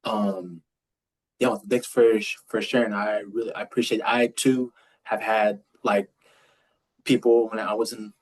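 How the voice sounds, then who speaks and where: A man's voice: fairly low pitch, steady tone, unhurried, darkish tone. A man who stutters, moderating a webinar in a casual panel discussion over a video call, often saying "like" and "man". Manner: stutters, with repeated sounds, says "man" and "like" often.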